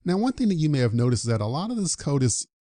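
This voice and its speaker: A man's voice: on the high side, very animated, racing, mellow, no echo. Upbeat man narrating a coding tutorial. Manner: upbeat, walks through each step aloud. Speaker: programming instructor. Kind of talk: screen-recorded coding tutorial.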